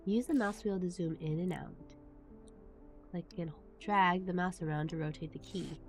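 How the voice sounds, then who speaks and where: A woman's voice: on the low side, moderate pace, soft background music. A woman streamer chatting casually with her viewers while playing a game and reading its text aloud. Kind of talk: casual live-stream chat while gaming.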